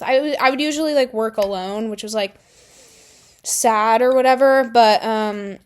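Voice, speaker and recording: A young adult woman telling high school stories in a casual vlog, chatty with lots of filler words and exasperated outbursts. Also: measured pace. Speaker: vlogger.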